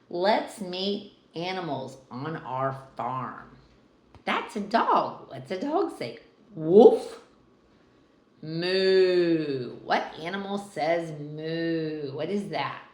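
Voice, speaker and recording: An older woman reads a picture book to her small grandchild, slow and gentle, quizzing the child along the way. Her pitch rises and falls in a lively sing-song as she imitates animal sounds. The room around her is echoey. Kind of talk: storybook reading to a small child.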